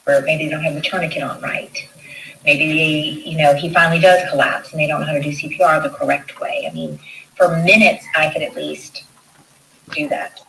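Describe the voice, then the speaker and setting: A woman's voice: sits low, steady tone, normal speed, creaky, a bit bright, distant mic, slight background noise, poor audio. A woman, a nurse, recounting an event in an interview, telling it animatedly and acting out what others said. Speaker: nurse interviewed in a news clip.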